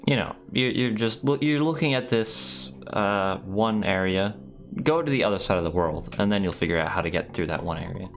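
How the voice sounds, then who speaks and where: Low-ish guy with a bouncy voice cracking jokes over a game, light music in the back. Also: expressive, normal speed. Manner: joking, playful banter. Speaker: co-player friend. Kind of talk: casual gaming chat.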